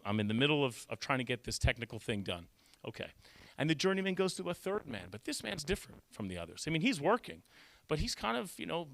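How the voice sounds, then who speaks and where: A man, an emergency physician, giving a conversational storytelling talk, animated and full of fillers and restarts. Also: mid-range voice, no room sound. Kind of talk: storytelling lecture. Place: cultural center lecture hall.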